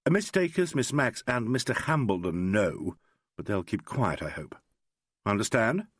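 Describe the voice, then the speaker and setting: A man voicing an urbane English chief inspector, light and teasing in a gentlemanly way, in an audiobook. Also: fairly low pitch, big pitch swings, unhurried, dry recording, studio quality. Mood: wry.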